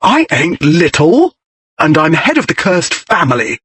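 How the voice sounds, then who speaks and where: A man voicing a flustered, petulant young gentleman who whines and shouts in high, pleading bursts. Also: wildly swooping pitch, a little slow, slightly rough, no room sound, heavily acted. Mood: indignant whining. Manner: shrill, pleading outbursts.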